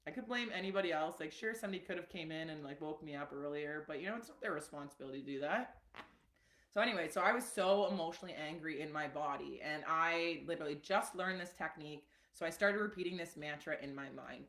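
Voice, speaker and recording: A woman wellness coach teaching casually on a live stream, chatty and animated, with many fillers and asides. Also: low voice, brisk, roomy sound.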